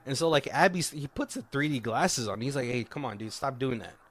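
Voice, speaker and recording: Lively, laughing male podcast host. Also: mid-range voice, brisk. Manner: profane, laughing, retells scenes doing quoted lines. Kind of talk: casual movie review chat.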